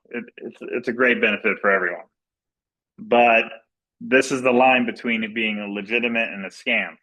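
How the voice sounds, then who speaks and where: Bright-voiced man giving an informal training. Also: medium pitch, poor audio. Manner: informal and repetitive, many fillers and restarts, plain explanatory tone. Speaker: company executive leading a sales training. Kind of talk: recorded training presentation over slides.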